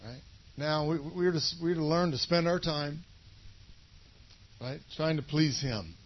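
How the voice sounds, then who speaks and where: A man's voice: on the high side, unhurried, muffled recording. A male pastor preaching a casual sermon in a conversational, rambling way, often checking in with his listeners. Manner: conversational, rambling, asks for agreement.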